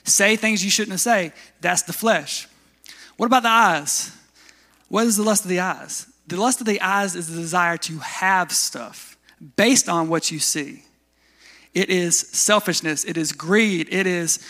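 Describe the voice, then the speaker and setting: Guy pastor preaching, pretty high voice, bright and chatty, keeps asking the crowd questions. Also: measured pace. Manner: conversational, asks the congregation questions. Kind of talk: sermon.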